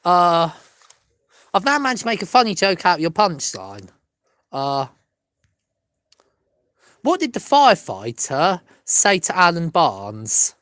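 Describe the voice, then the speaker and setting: A woman's voice: on the low side, huge pitch swings, slow, pauses often, fairly bright tone, no echo. An Englishwoman vlogging alone, rambling from joke to joke and apologizing often. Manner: apologetic, digressive, laughs at own jokes. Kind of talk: rambling solo comedy chat.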